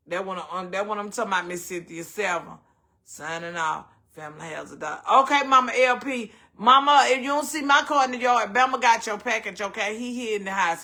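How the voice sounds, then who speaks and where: Bright high-voiced Southern man chatting. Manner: animated, calls listeners baby and honey. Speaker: host. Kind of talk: casual chat with viewers.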